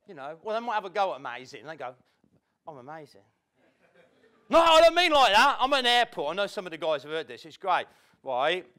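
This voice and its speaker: A man's voice: sits high, pushed and bright. A man giving a motivational talk to a live audience in an event room, playful and acting out the people he quotes. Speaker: motivational speaker.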